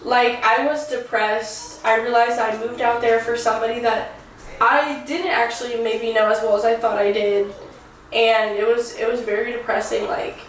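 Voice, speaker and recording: A woman's voice: a little high, fairly even intonation, normal speed, very echoey, distant mic, rough recording. A woman in her twenties, a vlogger, talking candidly and rambling with lots of fillers while getting ready at home. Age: 20s.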